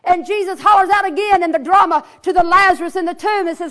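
Woman preacher with a very high voice, fervent and repetitive, storytelling sermon. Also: fast, hardly any pauses, fairly bright tone. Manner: fervent, repetitive invocations, rising to hollering in retold scenes. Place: church.

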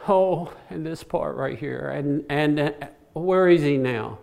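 A man's voice: a little high, slow pace, creaky, few pauses, darkish tone. A man preaching a sermon, who repeats his key phrases and puts questions to the congregation. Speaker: pastor.

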